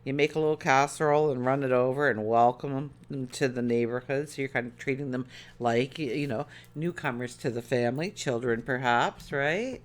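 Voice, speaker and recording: A choked-up tarot reader gives his viewers their daily reading, speaking earnestly but rambling, full of fillers and restarts. His voice is medium-pitched and he talks fairly quickly.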